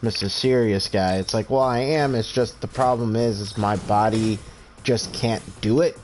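A fairly low, steady, slightly mellow voice at normal speed belongs to a twenty-something stream host with a stutter. He rambles in an earnest, heartfelt way during casual game-stream chat, with slight background noise.

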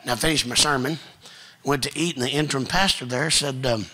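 A middle-aged man with a Kentucky accent, preaching a folksy, joking storytelling sermon that builds to loud preaching. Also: mid-range voice, brisk, breathy edge. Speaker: guest preacher.

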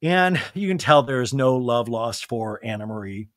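A man's voice: mid-range voice, expressive, normal speed, fairly bright tone, no echo, studio quality. A man hosting a podcast, giving a casual, chatty and digressive recap commentary. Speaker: podcast host.

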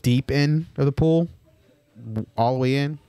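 A man co-hosting a podcast in casual board game chat, animated and telling stories by acting out how players react. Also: fairly high pitch, unhurried, smooth, no room sound. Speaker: podcast co-host.

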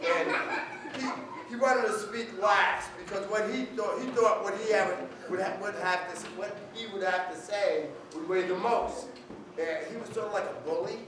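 A man in his sixties, a storyteller performing live for schoolchildren, animated and playful as he calls on the audience. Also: high-pitched, moderate pace, a crowd in the background. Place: elementary school hall. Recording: echoey hall from far off, noisy.

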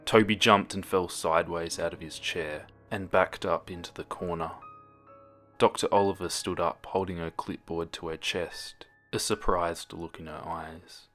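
Man, horror story narration, very deep voice, music playing behind. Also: measured pace. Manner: steady, dramatic reading with hushed moments.

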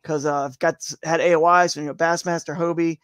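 A man's voice: a little high, little pitch movement, quick pace, a bit bright, clear, resonant tone, no echo. A man chatting as a guest on a live interview show, rambling and upbeat, saying "man" and "dude" a lot. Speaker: guest, tournament kayak angler.

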